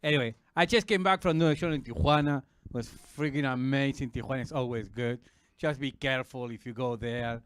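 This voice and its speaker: A man from Argentina with an Argentine Spanish accent performing a stand-up comedy set on a club stage, animated and breaking into shrieking high silly voices. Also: fairly quick, clean tone, no room sound.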